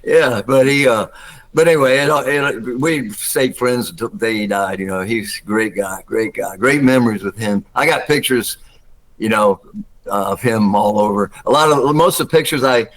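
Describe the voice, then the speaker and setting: An older man from Georgia with a Southern accent, telling stories as a guest, acting out quotes with big jumps in pitch and laughing often. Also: moderate pace, low-quality recording. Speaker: guest actor. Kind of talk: casual storytelling interview.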